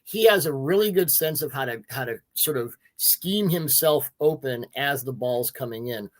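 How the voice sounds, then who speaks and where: A man's voice: mid-range voice, animated, normal speed. A man co-hosting a football talk show, discussing draft prospects in a conversational way that draws on football history and his own rankings. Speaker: draft writer, co-host. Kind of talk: analytical sports discussion.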